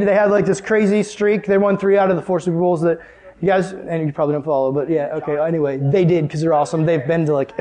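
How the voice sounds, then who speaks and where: A young man with a high, bright voice preaches to a youth group. He is casual and jokey, and he acts out both sides of a conversation with big swings in pitch. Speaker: youth pastor. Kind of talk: sermon with storytelling.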